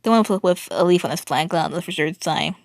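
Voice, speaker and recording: A woman reading a fan fiction story aloud, often tripping over words and restarting. Her voice is low-set and gravelly, and the sound is dry and close. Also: quick pace, dry recording. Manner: stumbling, restarting, wry.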